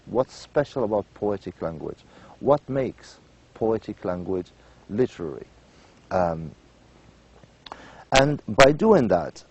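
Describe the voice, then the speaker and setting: A man giving a university lecture. He repeats key points, checks in with "right?" and pauses often on "um" and "uh". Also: lowish voice, a little mellow, rough recording. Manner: many "um" and "uh" pauses. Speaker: literature lecturer.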